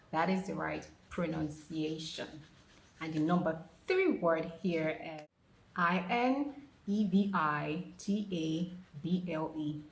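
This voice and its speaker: A woman gives a casual pronunciation lesson, coaxing her viewers to repeat each word after her. Her voice sits on the low side, and the recording has a roomy echo. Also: vocal fry. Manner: lively and coaxing, drills words by repetition. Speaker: pronunciation tutor.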